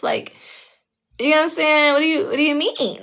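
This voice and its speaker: A woman's voice: sits high, fairly quick. Blunt, foul-mouthed woman telling a story. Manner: blunt, heavily profane, keeps checking in with listeners; animated, acts out the other people in her story. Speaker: tarot channel host telling a personal story. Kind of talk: casual storytime monologue.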